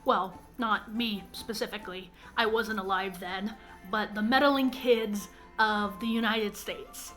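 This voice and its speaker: A woman's voice: medium pitch, steady tone, a little slow, a bit bright, faint music behind. A woman hosting an educational vlog, explaining an anthropology topic with self-mocking, nitpicking asides. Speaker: anthropology video creator.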